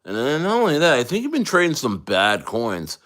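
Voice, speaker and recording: A man's voice: mid-range voice, wildly swooping pitch, brisk, fairly bright tone, voice pushed up. A man putting on the voice of a prying male office supervisor who questions a worker, with a falsely casual manner full of ums.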